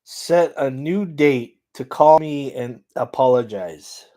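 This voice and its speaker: A man's voice: medium pitch, animated, takes it slowly, dark tone. A man hosting a comedy video, teasing an AI with mock-boastful banter in casual chat. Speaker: YouTube comedy host.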